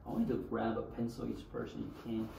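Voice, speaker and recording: A man with a lowish, fairly flat voice and vocal fry teaches a beginner language class at a quick pace, speaking loosely, saying "okay" a lot, and having students repeat after him. The classroom is echoey, the mic distant, and there's a faint hiss.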